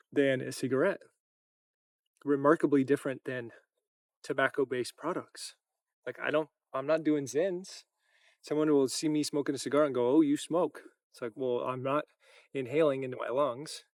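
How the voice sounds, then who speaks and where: A man's voice: medium pitch, no room sound, studio quality. A young man talking to camera in a casual vlog, tired, reflective, and full of loose run-on phrases. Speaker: content creator and coach.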